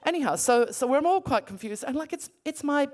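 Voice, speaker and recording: A middle-aged Australian woman retelling a personal story in an animated, breathless way, full of restarts. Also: high-pitched, a little fast. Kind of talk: casual spoken storytelling.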